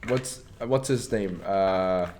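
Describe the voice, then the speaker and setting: A man's voice: deep voice, slow, a little mellow. A young man co-hosting a casual movie podcast, tossing in dry jokey asides. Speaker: podcast co-host.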